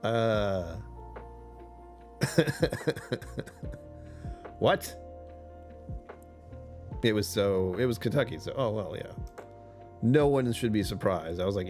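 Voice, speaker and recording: Man, casual live stream chat, low voice, lively swings, faint music behind. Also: slow pace, long pauses. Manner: chatty, rambling, joking.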